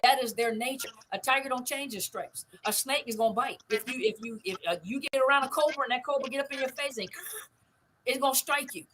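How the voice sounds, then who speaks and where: A middle-aged woman with a fairly high voice talks emphatically in a casual live stream, repeating her points and checking in with listeners. Faint noise sits behind her voice. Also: quick pace, fairly bright tone, low-quality recording. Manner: emphatic, repeats phrases, asks "you see what I mean?". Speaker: host of a live stream on narcissistic abuse recovery. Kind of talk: casual live stream talk answering comments.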